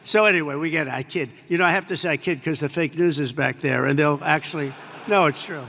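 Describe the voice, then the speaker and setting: A man's voice: a little high, fast talker, sharp tone, slight background noise. An older American man giving a rambling, off-the-cuff speech to troops, full of superlatives and asides. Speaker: president addressing troops. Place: large air base hall. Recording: long reverb from a large hall.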